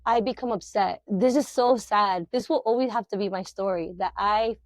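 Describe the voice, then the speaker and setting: Animated middle-aged woman telling her story. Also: medium pitch, normal speed, no room sound. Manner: animated and emotional, filler-heavy. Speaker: podcast guest. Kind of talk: personal testimony storytelling.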